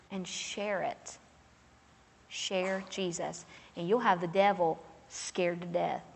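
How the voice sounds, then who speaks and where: A woman's voice: lowish voice, fairly even intonation, slow pace, gravelly, slightly rough. A woman preaching a fervent, emphatic, folksy sermon as a pastor's wife. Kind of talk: sermon to a women's gathering. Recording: long hall reverb.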